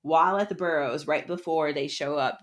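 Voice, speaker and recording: A woman's voice: low voice, brisk. A woman co-hosting a podcast, casually recapping a book in a chatty way, with lots of fillers. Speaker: podcast co-host.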